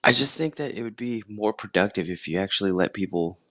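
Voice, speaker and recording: A man's voice: lowish voice, animated, fairly quick, pushed and bright, no echo, clean studio sound. A groggy man who just woke up, laid-back and frank, swearing in a casual livestream debate. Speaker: panelist.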